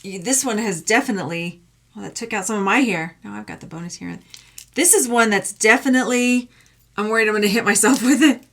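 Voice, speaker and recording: A woman's voice: mid-range voice, a little fast, fairly bright tone. A woman from Texas, a thrift jewelry reseller, chatting playfully through an unboxing vlog with jokey asides and silly sound effects.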